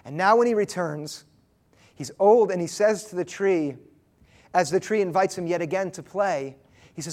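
A man in his thirties preaching a sermon, telling a story earnestly and pausing for emphasis. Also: sits high, a little mellow. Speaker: pastor.

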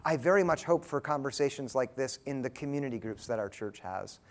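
A man preaching a sermon as pastor, earnest and tender, slow when he tells a story. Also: medium pitch, animated.

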